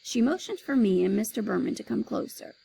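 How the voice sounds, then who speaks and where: A woman, a teacher, reading a children's chapter book aloud with expressive storytelling. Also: mid-range voice, fairly quick, vocal fry, husky, poor audio.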